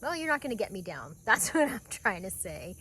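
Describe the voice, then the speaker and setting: A woman's voice: mid-range voice, sing-song, brisk, bright, forceful tone, a little hiss or hum. A middle-aged woman vlogging outdoors on her homestead at sunrise, talking in an earnest, reflective, heartfelt way into a handheld camera. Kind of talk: casual outdoor vlog talk.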